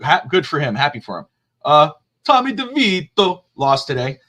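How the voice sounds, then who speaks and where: A man hosting a sports talk show in a rambling, joking way. His voice sits a little high and sounds bright and forward. His pitch swings widely, and he breaks into laughter often. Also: very animated. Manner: rambling, jokey, quick to laugh. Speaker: podcast host.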